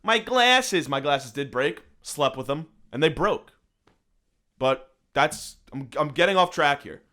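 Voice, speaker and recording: A young adult man hosts a podcast from a room at home on his phone, ranting alone with sarcasm and plenty of swearing for comic effect. His fairly high voice sounds pushed and bright, with lively intonation and an unhurried pace.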